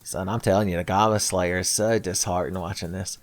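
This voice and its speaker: A man's voice: low voice, fairly even intonation, brisk, slight background noise. Sarcastic man doing profane game commentary. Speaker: gameplay commentator. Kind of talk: Let's Play commentary.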